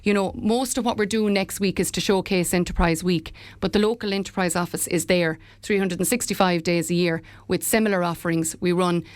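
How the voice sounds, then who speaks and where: A woman's voice: lowish voice, steady tone, a little fast, few pauses, no echo. A middle-aged woman, head of a local enterprise office, talking earnestly in a radio interview with frequent fillers and restarts. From Ireland.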